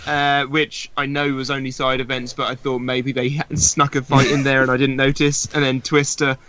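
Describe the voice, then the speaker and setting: A man's voice: mid-range voice, level tone, normal speed, a bit bright, poor audio. A man competing in an online quiz, reading answers and making dry jokes. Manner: dry, joking asides. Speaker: quiz contestant. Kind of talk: casual chat on a video call.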